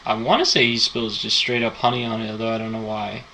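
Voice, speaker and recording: A man's voice: lowish voice, little pitch movement, quick pace, pushed and bright, slight background noise, low-quality recording. A man co-hosting a podcast, casually retelling a movie plot in a rambling, enthusiastic way. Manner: rambling, enthusiastic storytelling with fillers. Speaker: podcast co-host.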